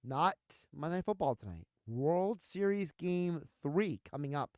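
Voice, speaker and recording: Male studio radio host, plainspoken and joking; high clear voice, dry close sound. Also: expressive, measured pace, no echo. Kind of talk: casual sports radio talk.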